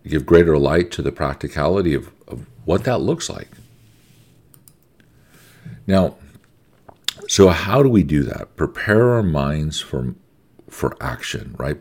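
Male preacher, American, middle-aged, very low voice, swings up and down a lot, emphatic conversational sermon. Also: darkish tone. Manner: emphatic, conversational, repeats words for stress.

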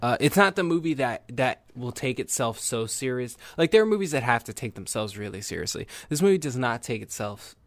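Young male film vlogger, eager and rambling, average pitch, dry recording. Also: sing-song, fairly quick, few pauses, no echo. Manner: enthusiastic, rambling. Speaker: movie reviewer. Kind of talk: casual movie review.

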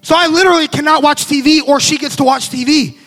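High-voiced man telling a story. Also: fast. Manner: animated, casual storytelling. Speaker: preacher. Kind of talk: storytelling devotional talk.

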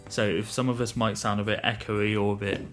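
A man's voice: fairly low pitch, flat delivery, brisk, fairly bright tone, faint music behind. A man co-hosting a casual game podcast, chatty and teasing, recorded on one shared table microphone. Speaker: podcast co-host.

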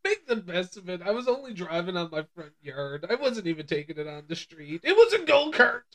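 Brief: man as jokey first-timer in jail, raised, lively pitch. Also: brisk. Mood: goofy. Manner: teasing, jokey. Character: goofy young male first-time inmate.

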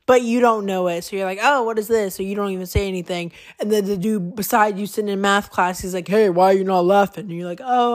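A young woman hosting her own podcast, talking casually and rambling with lots of fillers and self-corrections. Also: medium pitch. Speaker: podcast host. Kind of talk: casual solo podcast monologue.

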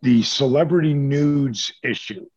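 A middle-aged man, a former pro wrestler, telling stories as an interview guest in a lively, casual way and swearing freely. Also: mid-range voice, a little slow, breathy edge, no room sound. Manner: animated storyteller who acts out quotes, swears freely. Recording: dull lo-fi dry sound.

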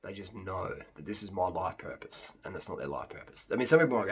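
A man with an Australian accent talking off the cuff to camera, lively and jumping into high mock voices when he imitates others. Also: quick pace. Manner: animated, mimics others in high put-on voices. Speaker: vlogger. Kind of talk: unscripted monologue to camera.

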